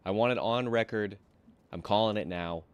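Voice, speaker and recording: A man hosting a game stream, teasing his co-host and spinning deadpan stories. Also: on the low side, moderate pace, highs cut off, crowd noise. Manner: teasing, deadpan storytelling with many fillers. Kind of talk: casual in-character banter.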